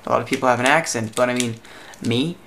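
A young man from Southern California chatting casually to camera in a rambling, animated vlog about his day. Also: mid-range voice, fast talker, slight background noise. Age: young adult. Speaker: vlogger.

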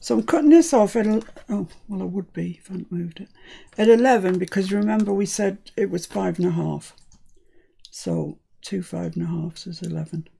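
A woman's voice: medium pitch, moderate pace, creaky, mellow, husky. A British woman hosting a crafting tutorial, chatting and thinking aloud as she works. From United Kingdom.

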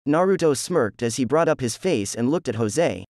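Male narrator, steady flat read, mid-pitched, dry close recording. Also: normal speed, no room sound. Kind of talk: reading fan fiction aloud.

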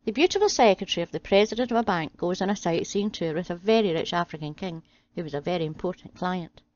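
A woman reading a string of jokes aloud in a steady, deadpan way. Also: lowish voice, quick pace. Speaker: channel host reading jokes. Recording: dry, slightly dull home audio.

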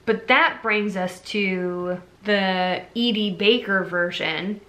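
A woman's voice: medium pitch, slow, pushed and bright. A young adult woman retelling a fairy tale for a movie review vlog, chatty and full of fillers. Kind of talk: casual storytelling review.

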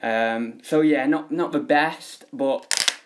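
Young man, casual live-stream chat, rambling, lots of ums, mid pitch. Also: slow pace. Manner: rambling, filler-heavy, chatty.

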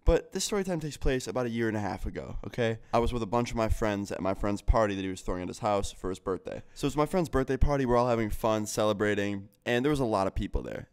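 Animated, swearing young man with a smooth voice. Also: medium pitch. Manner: animated, heavy swearing, lots of "like". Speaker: vlogger. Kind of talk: storytime vlog.

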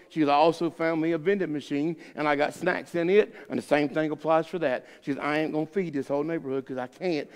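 A man's voice: on the high side, vocal fry, big-room sound. A man pastor teaching a Bible study, telling a folksy, rambling story full of restarts. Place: church sanctuary.

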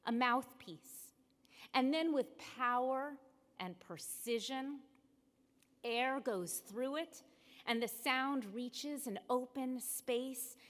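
A woman rabbi delivers a sermon in a measured, emphatic way, pausing deliberately between phrases. Her voice sits on the higher side and moves slowly. Long reverb from the sanctuary follows her words. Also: a bit bright. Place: synagogue sanctuary.

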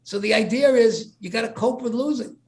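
Older guy on a podcast, high voice, keeps repeating himself, acts out what people said to him. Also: brisk, a little mellow. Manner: emphatic, repeats words and restarts, acts out little dialogues. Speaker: podcast guest. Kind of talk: animated podcast conversation.

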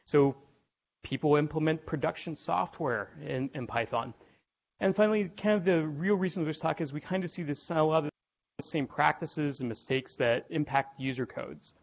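A man's voice: fairly high pitch, moderate pace, creaky. A man giving a technical conference lecture to a room of listeners, with wry, irreverent asides and frequent ums. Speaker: conference presenter. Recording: dull lo-fi conference recording.

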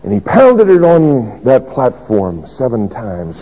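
A man preaching a dramatic first-person sermon as a pastor, swinging between loud declaration and hushed whisper. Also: mid-range voice, wildly swooping pitch, slow pace. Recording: dull lo-fi sermon recording.

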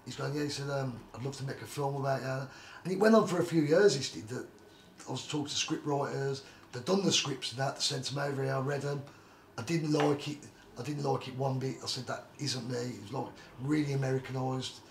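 A man's voice: mid-range voice, brisk. A middle-aged man, a retired boxer, telling stories in a casual interview, rambling and repeating "like I say" and "do you know what I mean". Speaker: retired journeyman boxer, guest. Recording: roomy echo, faint background noise.

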